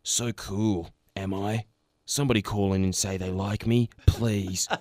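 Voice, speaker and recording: A man's voice: on the low side, a little slow, no room sound. A man co-hosting a drive-time radio show in a studio, bantering playfully and slipping into silly announcer voices. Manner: jokey, animated, does silly announcer voices.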